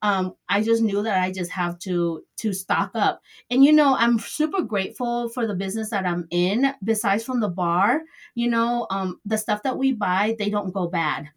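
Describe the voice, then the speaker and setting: A woman's voice: medium pitch, normal speed. A middle-aged woman who owns a salon, answering interview questions in a chatty, rambling way with loose grammar. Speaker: salon owner.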